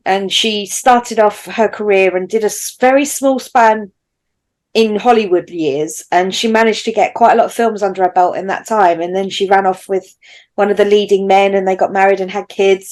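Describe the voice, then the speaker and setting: A woman's voice: medium pitch, darkish tone. A woman co-hosting a film podcast, telling a story steadily with small restarts. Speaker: podcast co-host. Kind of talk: casual film review chat.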